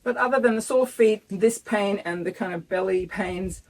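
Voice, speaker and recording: A woman in her 50s vlogs a casual pregnancy update outside her house, earnest and emotional to the point of nearly crying. She talks at normal speed in a medium-pitched, slightly mellow voice.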